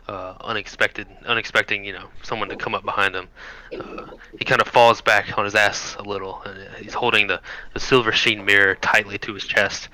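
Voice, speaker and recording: A man's voice: lowish voice, sharp tone, rough recording. A man narrating a tabletop role-playing game as game master, with frequent hesitations. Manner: hesitant with many ums.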